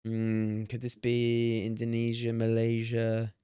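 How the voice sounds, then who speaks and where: A young man streaming a game, talking excitedly, swearing and laughing at himself. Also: medium pitch, slow pace, clean tone, no echo, studio quality. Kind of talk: live-stream gameplay commentary.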